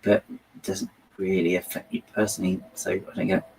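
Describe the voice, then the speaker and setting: A man's voice: sits low, level tone, moderate pace, darkish tone, slight background noise, low-quality recording. A man chatting casually while he builds, giving rambling, hesitant and wry opinions as the host.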